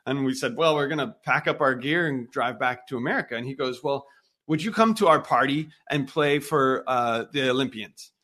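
A man in his thirties, a guest on an interview, telling a story with lively acted-out dialogue. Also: medium pitch, normal speed. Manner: animated storyteller acting out quoted dialogue. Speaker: guest, missionary musician.

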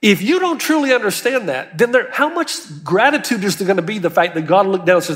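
Earnest high-voiced male preacher. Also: lively intonation, fast, few pauses, fairly bright tone, in a large hall. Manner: earnest, emphatic preaching with rising urgency. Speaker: pastor. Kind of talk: sermon.

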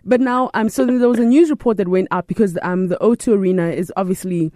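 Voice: mid-range voice, quick pace, a little mellow, no echo. Chatty interview host, dry sound. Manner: chatty, agreeable, laughs along. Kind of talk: casual interview.

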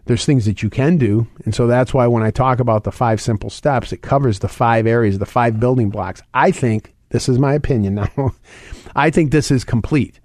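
Fast-talking middle-aged financial radio host. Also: male voice, mid-range voice, a little mellow, dry recording, studio quality. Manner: fast, conversational, repeats points and phone numbers. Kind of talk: radio talk segment.

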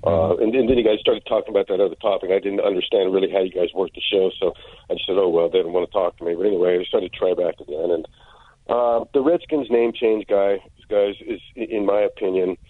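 A man's voice: deep voice, fairly even intonation, fast. A man calling in to a radio show, worked up and stammering through restarts. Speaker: caller. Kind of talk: call-in radio talk. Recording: tinny phone line.

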